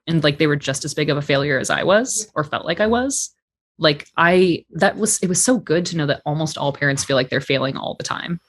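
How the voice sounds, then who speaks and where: A man's voice: fairly high pitch, fairly quick, fairly bright tone. A man guest on a podcast, speaking candidly and reflectively in casual conversation, with some swearing. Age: adult parent.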